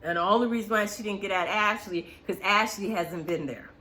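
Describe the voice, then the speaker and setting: Blunt, animated woman with a bright voice. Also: mid-range voice, fairly quick. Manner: blunt and animated, swears freely. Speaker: show recap host. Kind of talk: casual reality TV recap commentary.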